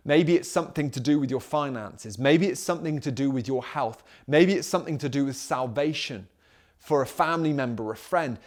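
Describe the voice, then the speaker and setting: A man's voice: on the high side, a little mellow. A man preaching a sermon as pastor, emphatic and full of rhetorical questions.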